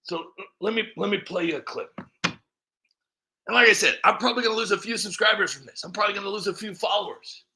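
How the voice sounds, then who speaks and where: A man hosting a comedy channel, ranting in sarcastic commentary with stammering restarts and sudden shouted outbursts. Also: high voice, very fast, hardly any pauses.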